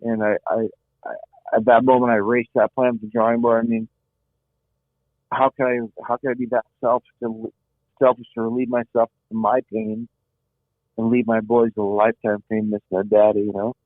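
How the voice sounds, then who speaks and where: A man's voice: mid-range voice, flat delivery, normal speed, no echo. A middle-aged man telling a personal survival story earnestly, often repeating words as he searches for them. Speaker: guest. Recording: tinny phone-like line, dry.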